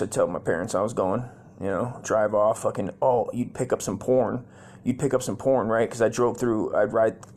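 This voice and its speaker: A man's voice: lowish voice, a little mellow. A man in his forties from Las Vegas, telling crude stories in a loose, rambling way full of cursing, with dude and man at the ends of his lines. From Las Vegas, USA. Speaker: comedy podcast host. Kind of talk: rambling profane storytelling.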